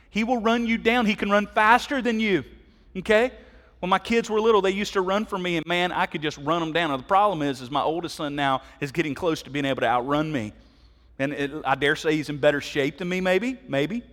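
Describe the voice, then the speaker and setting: A man's voice: on the high side, fairly bright tone. A middle-aged man preaching a sermon, emphatic and conversational, often asking the listeners direct questions. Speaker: pastor. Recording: long hall reverb.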